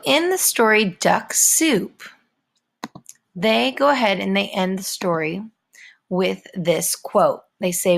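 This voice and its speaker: A woman teacher gives a recorded writing lesson to her students and explains the steps clearly, repeating them as she goes. Her voice is fairly low with a gravelly edge. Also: slow pace. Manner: clear, instructive, repetitive.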